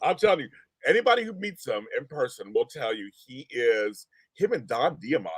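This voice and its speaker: A man who works as an interviewer, talking in casual chat in a gushing, animated and profane way. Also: mid-range voice, moderate pace, slightly rough, no room sound.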